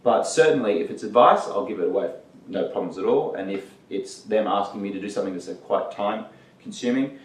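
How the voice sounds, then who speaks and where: Low-voiced man telling stories, far from the mic. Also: lively intonation, fairly quick, reverberant, slight background noise. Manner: anecdotal, easygoing, acts out quotes. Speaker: guest, entertainment journalist. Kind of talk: casual storytelling interview.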